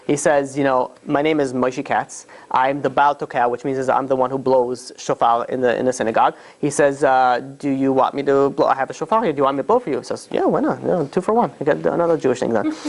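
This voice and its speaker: A male rabbi telling a story in a relaxed sermon, full of fillers and restarts, with quick put-on voices for the people in it. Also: a little high. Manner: rambling, many fillers, acts out quoted voices.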